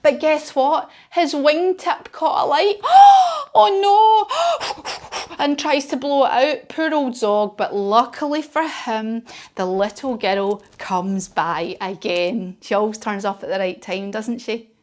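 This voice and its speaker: A woman's voice: fairly high pitch, unhurried. Encouraging woman leading kids yoga. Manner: encouraging, playful, leading movements. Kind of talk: storytelling kids yoga class.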